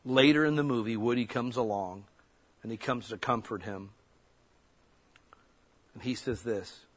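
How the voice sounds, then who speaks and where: A man preaching a sermon in a plain, conversational way. He talks straight to the congregation, stressing points loudly and then falling quiet and soft. His pitch sits in an ordinary middle range. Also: unhurried, pauses often. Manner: conversational preaching, swinging between loud emphasis and soft near-whispers. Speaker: pastor.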